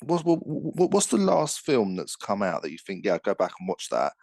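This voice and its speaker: Host, man, stammering, curious, lively pitch. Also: normal speed, creaky. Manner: questioning, stammering, laughs often. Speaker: podcast host. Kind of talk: casual chat.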